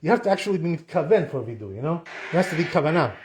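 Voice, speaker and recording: A man's voice: a little high, very animated, rapid-fire, noisy background. A man giving a casual Torah class in a conversational way, often saying "you know" and acting out what people say. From Sephardic Jewish community. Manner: conversational, repeats "you know" and acts out quotes. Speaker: Torah teacher.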